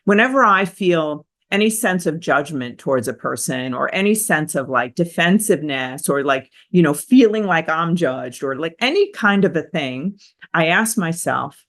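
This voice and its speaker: Energetic woman therapist giving self-help advice. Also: deep voice, moderate pace. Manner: energetic, emphatic, repetitive phrasing. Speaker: therapist and host. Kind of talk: motivational self-help talk.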